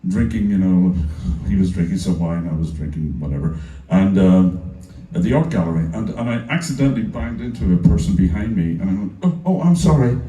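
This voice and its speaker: Irish male musician, mellow, animated storyteller, heard from a distance in a roomy club. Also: low voice, fairly quick. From Ireland. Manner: animated, acts out voices in quotes, laughs often. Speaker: musician telling anecdotes on stage. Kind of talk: casual onstage storytelling. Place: music venue stage.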